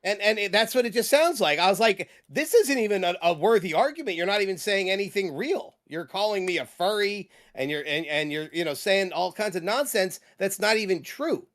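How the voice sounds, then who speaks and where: A man with a notably high speaking voice argues his point in a heated, defensive rant. He swears freely and keeps pushing back in a casual livestream panel debate. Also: lively intonation, brisk, hardly any pauses, fairly bright tone. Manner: angry, defensive, swears often.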